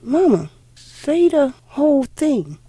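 A woman's voice: high-pitched, very animated, slow pace, warm tone, dry recording, pitched above the performer's own voice, full character voice. A woman doing an eager little girl. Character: eager curious young girl.

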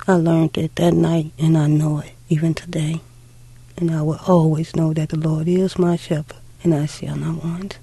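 A middle-aged woman telling a heartfelt personal story in an unhurried way, acting out old conversations. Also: deep voice, little pitch movement, dark tone, husky, no room sound. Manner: unhurried, heartfelt, acts out dialogue. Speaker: interviewee.

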